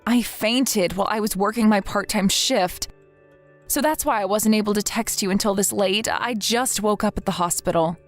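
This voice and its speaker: A woman's voice: medium pitch, moderate pace, natural voice. A woman reading the lines of an overworked young wife and mother who apologizes and pleads for help, in a scripted text-message story. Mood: tired. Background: faint background music.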